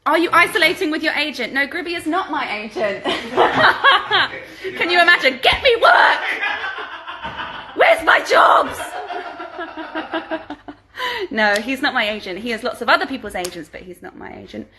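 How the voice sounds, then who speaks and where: A woman's voice: sits high, lively intonation, moderate pace, a crowd in the background, poor audio. A woman at home answering viewer questions in a casual livestream, reading each question aloud and then replying in a chatty way. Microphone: phone livestream.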